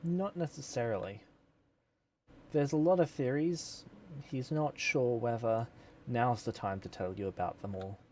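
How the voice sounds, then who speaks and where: A man running a tabletop game on a live stream, narrating scenes in a calm, descriptive way. His voice is mellow and warm, sitting at a middle pitch. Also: a little slow, slight background noise. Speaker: game master.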